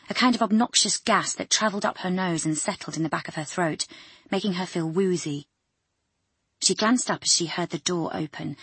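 A woman reading an audiobook in a measured, even storytelling manner. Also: on the low side, husky, no echo. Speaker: narrator. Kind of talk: audiobook narration.

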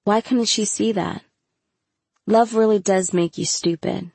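A woman narrating a first-person audiobook in a measured storytelling voice with casual slang. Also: mid-range voice, steady tone, vocal fry, darkish tone, breathy edge, no room sound.

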